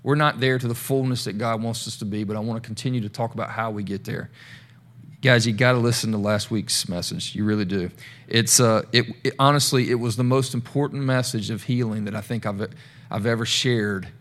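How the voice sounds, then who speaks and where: A man's voice: lowish voice, steady tone, brisk, a bit bright. Chatty male pastor preaching. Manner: casual, chatty, with asides to the congregation. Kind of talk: conversational sermon.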